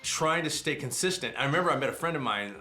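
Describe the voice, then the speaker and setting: A middle-aged man, a voice actor, telling animated stories in a casual interview. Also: a little high, soft background music. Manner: fast, animated anecdotes with quick asides.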